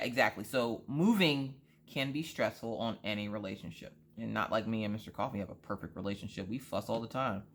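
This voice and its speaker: Rambling woman telling a story. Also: a bass voice. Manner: rambling, animated storytelling with frequent asides. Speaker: crafting vlogger. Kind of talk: casual chat.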